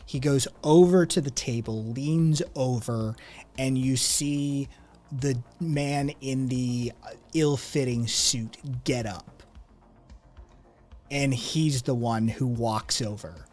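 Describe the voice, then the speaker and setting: A male game master narrates a tabletop session, painting the scene slowly and deliberately. He pauses often, using fillers as he works out the details, with faint music underneath. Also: medium pitch, darkish tone. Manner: unhurried, descriptive, with fillers.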